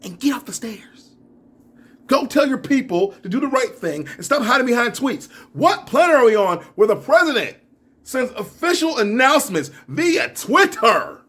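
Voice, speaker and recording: Husky, animated man ranting on camera. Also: extremely high pitch, normal speed. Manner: animated, laughing, ranting, drops into mumbles. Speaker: YouTuber. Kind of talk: reaction video commentary.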